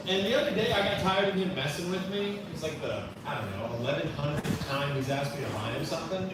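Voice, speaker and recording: A man doing stand-up at an open mic on a small coffee bar stage, telling loose stories with deadpan setups and swearing. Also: on the high side, quick pace, few pauses. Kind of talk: stand-up storytelling. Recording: echoey bar, far mic, noisy.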